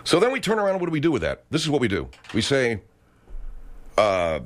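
American male radio host, profane rant, very lively pitch swings. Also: fairly quick. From United States. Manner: swearing, rambling, emphatic. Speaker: talk show host.

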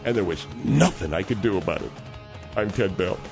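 A man's voice: mid-range voice, animated, normal speed, music in the background, natural voice. A man playing a rambling, self-important steakhouse owner in a radio comedy monologue. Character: boastful older male steakhouse owner, rambling.

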